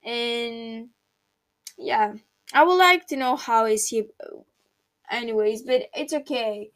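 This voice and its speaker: A woman's voice: a little high, slow, fairly bright tone, a little hiss or hum. A young woman hosting a casual solo podcast from home at night, talking in a rambling, heartfelt, reflective way with many restarts. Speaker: podcast host.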